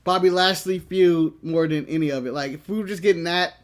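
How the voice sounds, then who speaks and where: A man's voice: on the high side, fairly quick. A man co-hosting a wrestling podcast in casual chat. He laughs often and tells stories with acted-out quotes.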